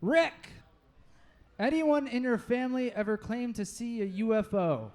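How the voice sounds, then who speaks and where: High-voiced joking man hosting a live show. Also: lively intonation. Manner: joking, quick questions, laughs a lot. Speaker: podcast host. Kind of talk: live podcast Q&A with guests. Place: live music venue stage. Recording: live show with loud crowd.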